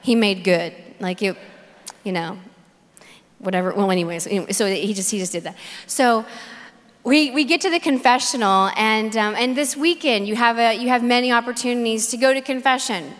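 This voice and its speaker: A woman speaks from a conference stage, her fairly high voice carrying a long hall reverb. She tells a personal faith story earnestly, repeats phrases for emphasis and acts out bits of dialogue. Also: moderate pace. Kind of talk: personal faith testimony talk.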